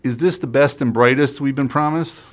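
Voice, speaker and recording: A man's voice: medium pitch, moderate pace. Wry, conversational male host. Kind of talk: casual talk-show discussion.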